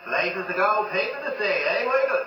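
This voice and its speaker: A man's voice: high voice, sing-song, normal speed, recorded from a distance, highs cut off. An actor with an Irish accent playing a sly, wisecracking male ghost gatekeeper in a video game. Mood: teasing. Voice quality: mocking, teasing banter. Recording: roomy game audio, faint noise.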